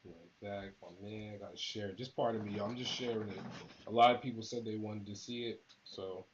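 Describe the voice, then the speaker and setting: A battle rap channel host with a lowish, steady voice talks briskly on a live stream. He's laid-back and rambling, speaking straight to viewers. The audio is dull, with background noise.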